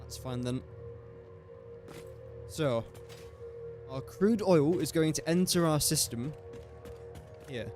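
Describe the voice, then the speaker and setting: A man's voice: a little high, takes it slowly, long pauses, a little mellow, faint music behind. A young English man casually thinking aloud while streaming a building game and chatting to viewers. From England. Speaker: gaming streamer. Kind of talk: casual live-stream commentary.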